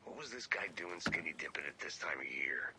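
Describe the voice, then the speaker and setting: A dry, skeptical male FBI agent from a video game. His voice sits very low and sounds distant from the mic, with steady background noise. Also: brisk, full character voice. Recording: distant, noisy game audio.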